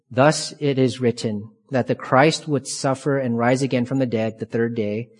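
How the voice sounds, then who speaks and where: A man of middle pitch delivers a verse-by-verse sermon, slow and emphatic, leaning on repeated phrases. His voice rings with the long reverb of a large church hall. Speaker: pastor. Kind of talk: expository sermon.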